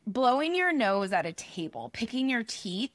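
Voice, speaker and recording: A woman's voice: on the high side, very animated, moderate pace, no room sound. A young woman co-hosting a podcast, chatting emphatically and laughing a lot. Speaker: podcast co-host. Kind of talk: casual chat.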